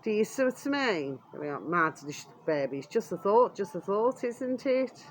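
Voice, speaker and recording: There's a little hiss or hum as a British vlogger with a medium-pitched, sing-song voice rants angrily at a moderate pace. She curses constantly, keeps saying "there we are," and is coarse and blunt.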